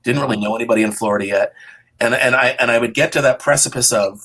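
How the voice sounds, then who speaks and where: A man in his fifties, a TV journalist guest, telling animated stories and acting out his past thoughts. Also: mid-range voice, quick pace. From Boston area. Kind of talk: storytelling in interview.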